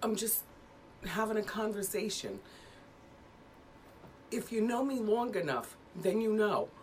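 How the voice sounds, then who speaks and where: A woman in her fifties, a talk show host making a measured, self-assured statement to her viewers. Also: mid-range voice, animated, a little mellow, a little hiss or hum. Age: 50s.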